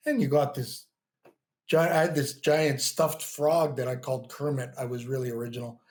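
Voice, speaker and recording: A man in his fifties, a bodybuilding coach guesting on a podcast, telling stories in a chatty, animated way with lots of "you know" and frequent laughs. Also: medium pitch, moderate pace. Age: 50s. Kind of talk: casual interview talk.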